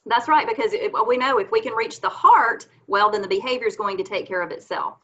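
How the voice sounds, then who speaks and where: A woman with a bright, fairly high voice explains parenting from a faith view in an earnest, teaching way. She often slips into the gentle tone she uses with her children. The audio sounds a little dull and lo-fi. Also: expressive, a little fast. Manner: earnest, explanatory, acts out mother-child dialogues. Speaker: guest on parenting podcast. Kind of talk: faith-based parenting talk.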